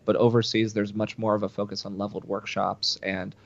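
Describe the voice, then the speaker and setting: A man's voice: fairly low pitch, level tone, fairly quick, gravelly, dull audio. A man co-hosting a casual talk show, explaining his views thoughtfully with frequent restarts. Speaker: co-host. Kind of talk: casual podcast chat.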